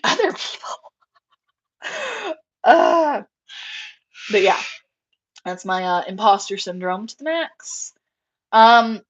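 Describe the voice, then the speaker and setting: A young adult woman chatting casually on a live show, rambling and animated, with plenty of fillers and acted-out quotes. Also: mid-range voice, a little hiss or hum, poor audio. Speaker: rabbit breeder on a live show. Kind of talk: casual chat.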